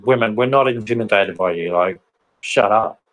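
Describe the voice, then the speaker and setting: Blunt, rambling man, lowish voice. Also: normal speed, fairly bright tone, slight background noise, rough recording. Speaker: vlogger. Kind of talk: casual ranting monologue.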